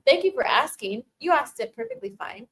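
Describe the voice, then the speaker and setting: A woman's voice: high voice, sing-song, a little slow, rough recording. A woman hosting a casual live Q&A, laughing often and thanking viewers as she reads their messages, with many restarts and filler words. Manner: warmly thanks viewers reading chat. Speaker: livestream host answering chat. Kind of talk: casual chat.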